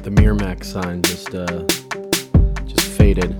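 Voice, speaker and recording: A man's voice: low voice, level tone, slow pace, loud music behind the voice. A man giving casual, rambling commentary while he watches a movie, chatty and a little profane. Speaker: vlogger doing movie watch-along commentary.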